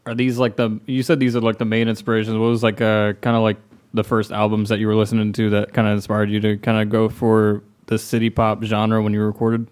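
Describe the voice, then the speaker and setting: A man's voice: on the low side, completely flat delivery, a little fast, darkish tone, clean tone. A young man co-hosting a podcast in casual chat, asking rambling questions with many fillers. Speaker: podcast co-host.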